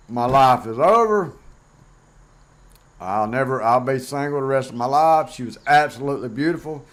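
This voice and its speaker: A middle-aged man talking bluntly and plainly in a casual vlog monologue, rambling with fillers. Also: medium pitch. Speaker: vlogger host.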